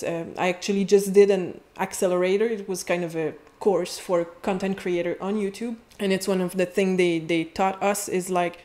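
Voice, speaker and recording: A woman's voice: mid-range voice, darkish tone. A woman from Quebec, a French teacher, chatting casually as an interview guest with frequent fillers and restarts. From Quebec, Canada.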